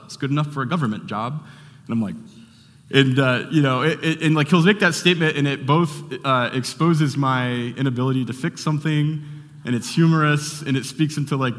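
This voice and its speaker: A man's voice: medium pitch, fairly bright tone. Man preaching in a reverberant hall. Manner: conversational, rambling with restarts and fillers. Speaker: pastor. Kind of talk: sermon.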